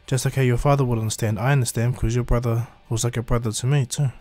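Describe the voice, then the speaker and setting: A man voicing a calm young male ninja teacher in a fan-made story, steady and reassuring, close to his own voice. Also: medium pitch, fast, dry recording, faint music behind, natural voice.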